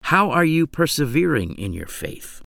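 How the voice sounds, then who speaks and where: A man preaching a sermon, measured and emphatic, stacking phrases into parallel lines. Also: fairly high pitch, big pitch swings, creaky, a bit bright, no room sound, clean studio sound.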